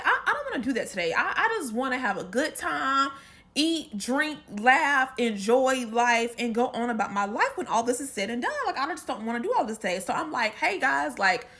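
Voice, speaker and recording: Chatty woman telling a storytime. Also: fairly high pitch. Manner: chatty, animated asides. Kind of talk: casual storytime.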